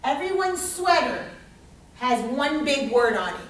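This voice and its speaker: Animated woman lecturing in an echoey room. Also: sits high, a little slow. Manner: animated, dramatic, swears freely. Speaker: instructor leading a class. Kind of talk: lively classroom lecture. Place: large echoey classroom. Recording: echoey classroom, distant mic.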